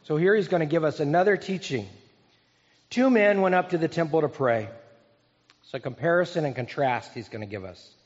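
A male pastor delivers a sermon in a relaxed, conversational manner, telling stories with pauses and restarts. His voice is slightly high for a man. The recording is dull and muffled, echoing through a large hall.

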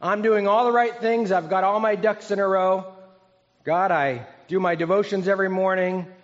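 A man voicing a self-righteous man praying for show, his voice pushed up high and loud. He is boastful and preening, with every line made for others to hear. The recording is dull and carries a long hall echo. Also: steady tone, moderate pace, close to an everyday voice. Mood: smug boasting.

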